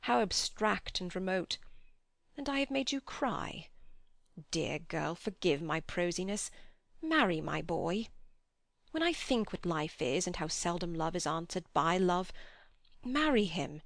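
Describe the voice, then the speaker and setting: A woman's voice: lowish voice, animated, a little slow, vocal fry, dry recording, studio quality. A woman voicing an earnest, passionate old man who pleads and preaches. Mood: tender. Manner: impassioned, preaching.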